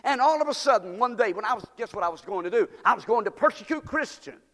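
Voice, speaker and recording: A fervent male apostle, as a preacher puts him on, tells his story in an impassioned, high, swinging voice that breaks into shouts. The sound trails off in a long hall reverb. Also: expressive, quick pace. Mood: earnest.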